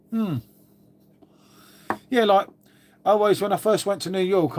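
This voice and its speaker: A man's voice: a little high, a little mellow. A man, a livestream host rambling casually and answering his viewers, calling everyone mate. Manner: rambling and chatty, calls people mate.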